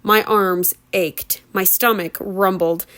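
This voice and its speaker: A woman's voice: medium pitch, fairly even intonation, slow pace, fairly bright tone. A woman reading a novel aloud at home as a homemade audiobook, breaking into giggly, chatty asides. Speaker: reader.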